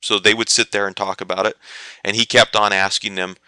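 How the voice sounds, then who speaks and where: Bright-voiced man explaining trades. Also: on the low side, level tone, brisk, smooth, dry recording. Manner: explanatory, anecdotal, answers viewer questions. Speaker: trading educator. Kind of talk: live webinar teaching.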